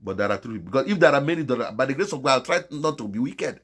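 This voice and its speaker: A man's voice: animated, fast, breathy edge. A man with a Nigerian Igbo accent delivering a moralizing monologue on his channel, mixing Igbo and English, impassioned and pleading by turns. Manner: impassioned and moralizing, swinging between loud exhortation and low pleading. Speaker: channel host.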